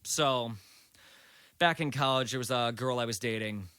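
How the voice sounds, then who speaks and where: A man in his late twenties tells a long story as a podcast guest. His voice is bright, and he talks in a loose, rambling way full of swearing. The sound is dry and close. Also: mid-range voice, normal speed, clean tone, no room sound. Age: late 20s. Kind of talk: casual storytelling.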